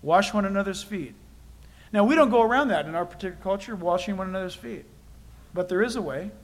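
High-voiced man preaching with emphasis. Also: expressive, fast talker, low-quality recording. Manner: conversational, emphatic, repeats key phrases; self-deprecating personal asides. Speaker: pastor. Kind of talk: sermon.

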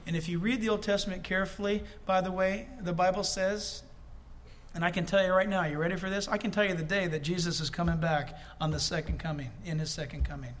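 A man's voice: sits high, steady tone, fast talker, slight background noise. A male preacher delivering a sermon, reading scripture aloud and breaking off into conversational asides to the congregation.

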